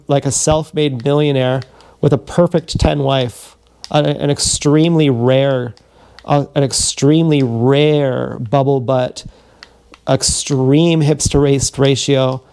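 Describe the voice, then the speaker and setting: A man livestreams a long, wandering personal story. His voice is mellow and low in brightness, with a steady gravelly fry. He swears freely and keeps backing up to restart his sentences. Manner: meandering, profane, frequent restarts. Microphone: streaming from a body camera.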